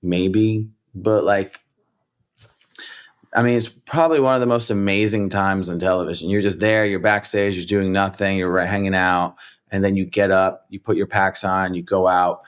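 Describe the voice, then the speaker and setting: Smooth and low-sitting, this middle-aged US rapper-comedian's voice moves at a moderate pace as he spins stories in a relaxed podcast interview. His telling is animated and meandering, peppered with "you know" and "like."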